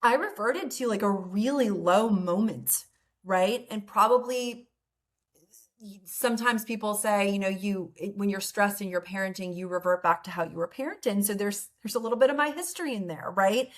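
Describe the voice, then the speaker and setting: Woman psychologist guest, earnest casual interview talk, middle pitch. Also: normal speed. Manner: earnest, frequent "like" and "right?".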